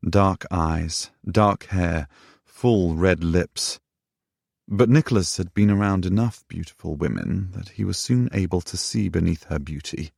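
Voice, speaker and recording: A man narrating a romance audiobook in a measured, unhurried way. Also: deep voice, gravelly, a little mellow, breathy edge, no echo, studio quality. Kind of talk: scripted narration.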